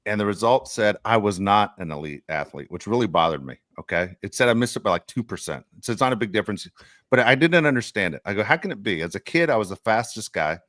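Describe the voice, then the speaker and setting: A man co-hosting a casual sports podcast, telling rambling, animated stories. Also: lowish voice, fast talker, dry recording, studio quality. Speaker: podcast co-host; youth baseball coach.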